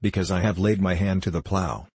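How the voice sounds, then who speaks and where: A man's voice: sits low, steady tone, a little fast, darkish tone, slightly rough, no echo. A man voicing an earnest, troubled male pilgrim in a storybook reading, pleading in old-fashioned speech. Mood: resolute.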